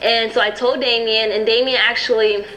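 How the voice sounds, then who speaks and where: A woman's voice: fairly high pitch, steady tone, normal speed, fairly bright tone, poor audio. A young adult woman recounting personal events in a documentary interview, with frequent "you know what I'm saying".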